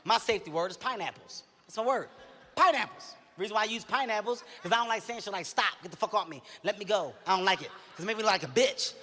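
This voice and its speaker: A man's voice: high voice, fast talker, pushed and bright. A man telling a blunt, profane comedy bit in a candid manner. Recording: long reverb, as in a hall.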